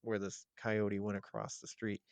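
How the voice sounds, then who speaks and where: A man as a podcast guest, telling an eerie story in a casual, animated, profane and rambling way. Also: lowish voice, unhurried, creaky, dry recording.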